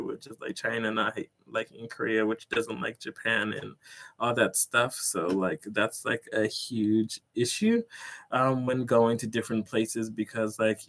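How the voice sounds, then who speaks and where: A man's voice: lowish voice, fairly even intonation, moderate pace, fairly bright tone. A young man, a teacher working abroad, telling stories in a casual vlog, rambling and filling his talk with "like" and "um", with chuckles along the way. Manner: rambling, filler-heavy, full of "like" and "um".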